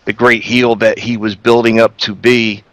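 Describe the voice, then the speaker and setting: A man co-hosting a casual wrestling review, giving blunt, critical opinions in a relaxed way. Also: fairly low pitch, moderate pace, dry recording.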